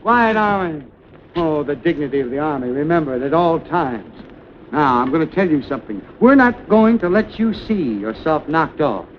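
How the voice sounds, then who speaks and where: An actor playing a fussy, excitable man who commands a comic firing squad, flustered and giggly, with wild swings in pitch, in a 1920s film comedy sketch on a muffled 1929 soundtrack. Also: normal speed, slight background noise, close to an everyday voice. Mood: fussing.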